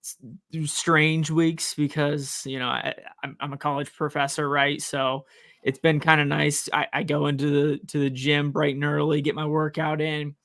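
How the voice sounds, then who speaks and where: A man's voice: fairly high pitch, little pitch movement, moderate pace, a bit bright, no room sound, studio quality. A man co-hosting a sports podcast, chatting casually and rambling with frequent restarts. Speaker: college professor, podcast co-host.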